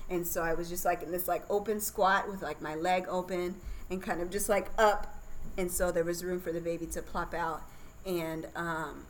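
A young woman with a somewhat low-pitched voice talks as a podcast guest. She tells a personal story candidly and chattily, laughing easily along the way. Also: a little hiss or hum, low-quality recording. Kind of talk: casual birth story telling.

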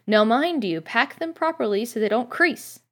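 A woman's voice: on the high side, animated, normal speed, pitched above the performer's own voice. A woman reading aloud and voicing a fussy, motherly middle-aged witch who scolds and bustles. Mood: bustling.

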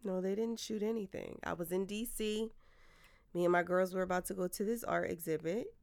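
A woman of middle pitch telling a story in a relaxed, soft-spoken way. She speaks easily, without rush. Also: fairly quick, vocal fry. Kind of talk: casual chat.

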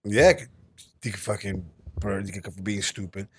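A man's voice: fairly low pitch, fairly even intonation, normal speed, breathy edge. A young man co-hosting a casual podcast chat, teasing his partner and launching into profane sports rants. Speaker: podcast co-host.

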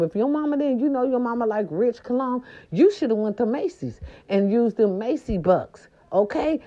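Sassy, playful woman podcast host, mellow tone. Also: on the high side, lo-fi sound. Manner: sassy and playful, growls for fun. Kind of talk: casual holiday chat to listeners.

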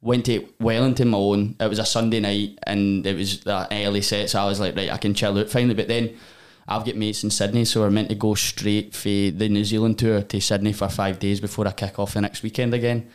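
Dj lad, lowish voice, rambly chatty stories, swears a lot. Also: male voice, little pitch movement, a little fast, few pauses, clean tone. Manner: rambling storytelling with frequent swearing and laughs. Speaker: DJ guest. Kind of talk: casual podcast chat.

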